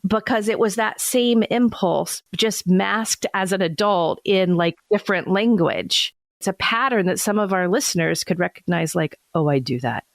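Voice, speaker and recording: A woman's voice: medium pitch, moderate pace, gravelly, few pauses, dry recording. A woman co-hosting a podcast, asking questions and telling stories from her work in casual conversation. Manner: conversational, asks questions and shares anecdotes. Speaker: podcast co-host, travel advisor.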